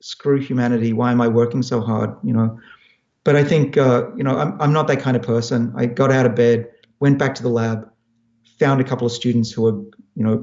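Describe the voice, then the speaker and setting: A man's voice: mid-range voice, dark tone, echoey room, lo-fi sound. A man in his fifties from Australia, a scientist thoughtfully explaining his work while answering audience questions. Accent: Australian with American-sounding turns. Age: 50s. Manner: thoughtful, explanatory, frequent restarts. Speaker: scientist guest.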